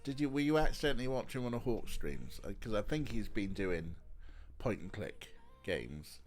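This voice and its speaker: A man's voice: fairly low pitch, sing-song, normal speed. A man with a stuffy, snotty nose, chatting casually on a live stream, teasing and cooing at his pet between remarks to his chat.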